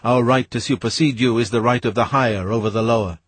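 A man's voice: mid-range voice, steady tone, fast, slightly rough, no echo, lightly acted. A man doing a pompous, declaiming scientist.

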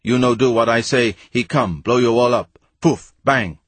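A man's voice: medium pitch, very animated, takes it slowly, slightly rough, no room sound, full character voice. A man voicing a pompous, blustering male scientist who barks broken pidgin at the locals in a storybook reading. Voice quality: loud, barking, condescending.

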